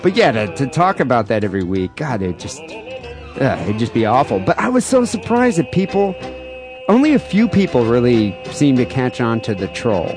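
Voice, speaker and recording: A man's voice: medium pitch, moderate pace, music in the background. Irreverent male podcast co-host. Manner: animated, irreverent, often restarts. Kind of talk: casual chat. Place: home studio in LA.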